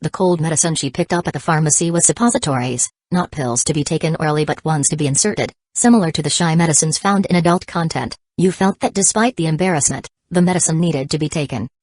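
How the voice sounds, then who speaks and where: A woman narrating an audiobook in an even, measured reading. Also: low voice, dry recording. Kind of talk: scripted narration.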